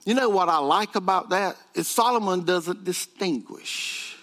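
A man's voice: high voice, a little slow, fairly bright tone. A man preaching a sermon to his congregation, building emphasis through repetition.

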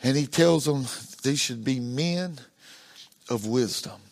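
A male pastor preaching a sermon in a sing-song cadence, repeating words as he builds a point and dropping low and soft at the end of phrases. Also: slow pace, creaky.

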